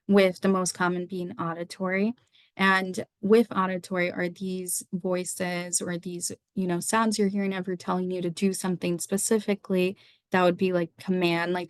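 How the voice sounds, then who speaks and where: A woman's voice: on the low side, clear, resonant tone, no room sound, studio quality. A young woman, a psychiatry resident, teaching medical students through a slide lecture, running through lists of questions in an explanatory way. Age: young adult.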